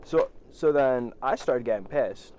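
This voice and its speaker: A man's voice: mid-range voice, animated, unhurried, mellow, a little hiss or hum. A teenage boy telling a story in a rambling, profane way, laughing as he goes. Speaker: vlogger. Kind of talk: storytime vlog.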